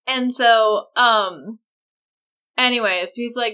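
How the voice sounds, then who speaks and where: A young woman chats through a book recap with a sarcastic edge, dropping in acted-out quotes. Her voice is fairly high and bright, with a crisp, tense edge. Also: slow. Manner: sarcastic, acts out characters' lines. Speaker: podcast co-host. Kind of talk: casual chat, book recap.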